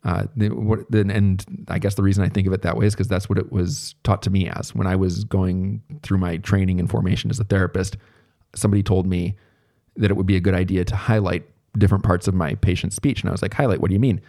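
A man giving a relaxed, conversational recorded lecture as a therapy instructor, thinking aloud as he explains. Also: sits low, quick pace, creaky.

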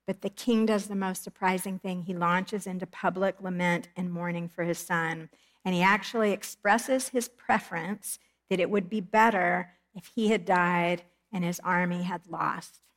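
A woman's voice: fairly low pitch, steady tone. Earnest woman teaching a Bible study. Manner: earnest, measured, reads scripture aloud.

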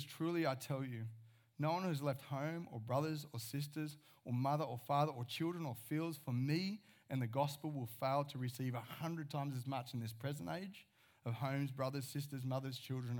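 A man's voice: medium pitch, a little mellow. Earnest man preaching. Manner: earnest preaching, paraphrasing scripture conversationally. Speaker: pastor. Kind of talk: sermon.

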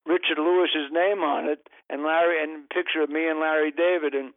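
A man's voice: a little high, fairly even intonation, moderate pace, no echo, narrow, tinny audio. A man telling long comic anecdotes as a podcast guest, rambling and interrupting himself. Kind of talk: casual storytelling.

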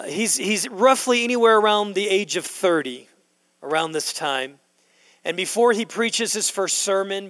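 Casting note: middle-aged male pastor, high-pitched voice, passionate preaching that swells to loud emphasis, long church reverb. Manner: slows down to stress key words, building to loud emphasis. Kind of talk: sermon. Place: church sanctuary.

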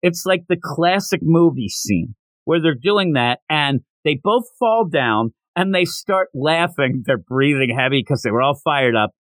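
A man's voice: fairly high pitch, unhurried, no room sound, rough recording. A man hosting a podcast, chatting casually as he retells a manga chapter and quotes its characters. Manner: animated retelling with quoted lines. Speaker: podcast host. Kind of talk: casual manga recap chat.

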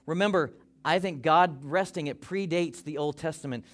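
A pastor preaching a sermon to his congregation, animated, acting out people's worries in quick quoted asides. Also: a little high, soft background music.

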